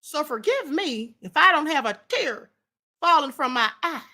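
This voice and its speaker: A woman's voice: sits high, very animated, moderate pace, bright, forceful tone. A woman hosting a live-stream commentary show, talking bluntly and emphatically, repeating her points and speaking straight to her chat. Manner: addresses the chat directly. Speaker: livestream show host.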